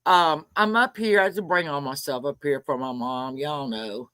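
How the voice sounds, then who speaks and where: A woman's voice: low-pitched, moderate pace, a bit bright, no echo. A middle-aged woman hosting a casual livestream from her carport, chatting, greeting viewers and ranting with frequent swearing. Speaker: livestream host. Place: home carport.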